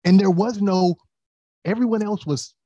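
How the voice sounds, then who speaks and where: A man's voice: high-pitched, normal speed, mellow, no room sound, dull audio. A man in casual podcast chat, talking animatedly and acting out quotes, with many restarts.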